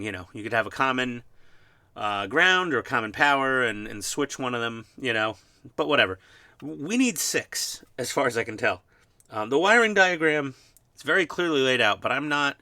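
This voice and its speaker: Bright-voiced man with a New York accent. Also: mid-range voice, dry recording. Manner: rambling and self-deprecating, many fillers. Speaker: scale model builder. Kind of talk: casual workshop chat. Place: home hobby workbench.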